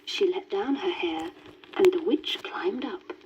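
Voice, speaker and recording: A woman reading a children's storybook aloud in a gentle, lilting manner. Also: medium pitch, measured pace. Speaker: story reader. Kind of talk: scripted storybook narration. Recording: dull worn vinyl record with faint hiss.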